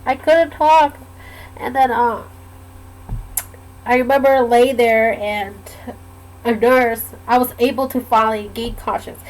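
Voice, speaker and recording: A woman telling a personal story in a casual, halting way, with many pauses and fillers. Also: fairly high pitch, fairly even intonation, low-quality recording. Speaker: vlogger sharing a personal story. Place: lives in Georgia, USA.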